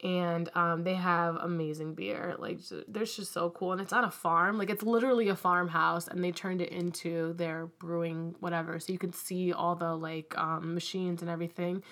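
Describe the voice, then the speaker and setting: A young woman co-hosts a casual podcast, with a somewhat low voice. She rambles in a relaxed way and fills her sentences with "like" and "um". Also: normal speed, few pauses. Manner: rambling, heavy use of "like" and "um". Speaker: podcast co-host. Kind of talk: casual chat.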